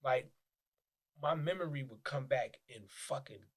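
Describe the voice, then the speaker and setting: A man with a Detroit accent, a podcast guest telling stories in casual, profane, animated talk with many restarts. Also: mid-range voice, unhurried. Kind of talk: casual interview chat.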